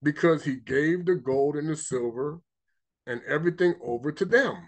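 A man with a fairly high voice speaks at a moderate pace, giving an informal spiritual teaching. As a religious teacher, he is emphatic and rambling, repeats himself, and reads scripture aloud.

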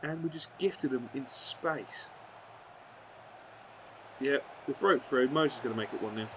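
A young man giving live gameplay commentary, excitable, swearing and yelling at the match. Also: mid-range voice, a little slow, a little hiss or hum. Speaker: gaming video creator.

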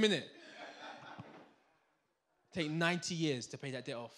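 A man giving a live finance seminar to a room audience, energetic and full of banter, quizzing the crowd. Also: a little high, a little slow, a little hiss or hum. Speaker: seminar speaker.

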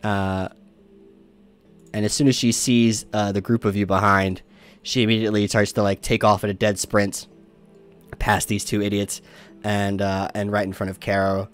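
Low-voiced rambling game master. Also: male voice, flat delivery, moderate pace, long pauses, clean tone, faint music behind. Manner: rambling narration with many fillers and restarts, laughing. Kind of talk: narrating a tabletop game.

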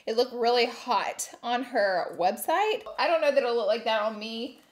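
A woman's voice: on the high side, normal speed. Bubbly chatty woman vlogger. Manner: bubbly, chatty, laughs often, animated. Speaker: beauty YouTuber host. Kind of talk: casual unboxing vlog.

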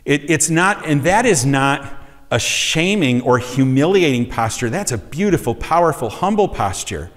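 A man delivers a teaching sermon in a conversational way, stopping to ask his listeners questions. His voice sits a little high. The sound carries a long reverb, as in a church sanctuary. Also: very animated, moderate pace, a bit bright. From USA. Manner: conversational, asks the congregation questions. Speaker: pastor.

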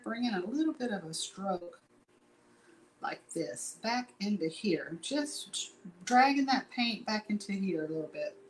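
A woman's voice: mid-range voice, a little hiss or hum, low-quality recording. Brief: middle-aged woman, folksy and chatty, rambling painting-class host. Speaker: painting instructor. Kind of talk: casual live painting tutorial.

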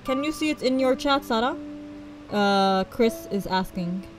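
A woman's voice: on the high side, expressive, a little slow, over music, poor audio. A young woman streaming a video game, chatting casually and giggling, with lots of "like" fillers.

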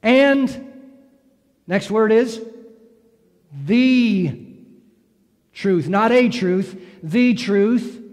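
A high-voiced man preaches slowly from the pulpit, drawing out his words and pausing for the congregation to answer. His voice rings through a church sanctuary with a long reverb. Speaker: pastor. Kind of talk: sermon.

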